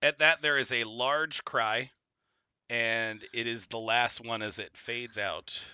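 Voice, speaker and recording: A man narrating as game master of a tabletop game, relaxed and full of fillers. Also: medium pitch, slow pace, smooth, no room sound.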